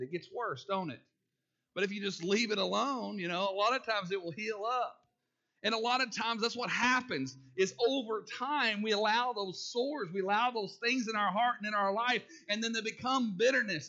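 High, bright-voiced pastor. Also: male voice, normal speed, lo-fi sound. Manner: folksy, asks the congregation questions, laughs at his own jokes. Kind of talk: sermon.

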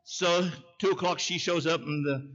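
A man's voice: fairly high pitch, fairly even intonation, moderate pace, a bit bright, highs cut off, faint music behind. A man preaching a sermon in a folksy way, telling a story and calling out to the congregation. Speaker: pastor.

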